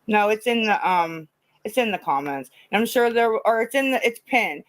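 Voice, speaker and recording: A woman's voice: mid-range voice, expressive, moderate pace, dry recording, rough recording. A woman chatting casually on a livestream, rambling, repeating herself and swearing freely. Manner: rambling, profane, repetitive.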